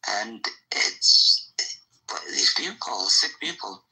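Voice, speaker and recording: Very bright-voiced man ranting hard. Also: fairly low pitch, expressive, slow, rough recording. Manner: heated, profane ranting with lots of repetition. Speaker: podcast host. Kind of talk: casual chat.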